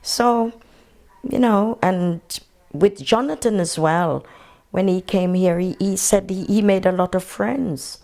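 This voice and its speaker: An older woman with a Jamaican accent speaks in a gravelly, mid-pitched voice. She tells her memories in an unhurried, steady, matter-of-fact way, as an oral history interviewee.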